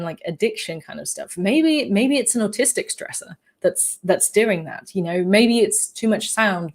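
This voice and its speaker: A woman's voice: medium pitch, darkish tone. A woman with a slightly shifted English accent, hosting a casual livestream Q&A and answering chat comments with many fillers, restarts and apologies. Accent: English, shifted by living in the Netherlands. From England. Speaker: livestream host.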